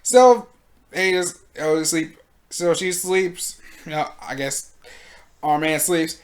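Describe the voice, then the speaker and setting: A host giving casual video commentary in a slangy, animated way, laughing often. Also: mid-range voice, slow pace.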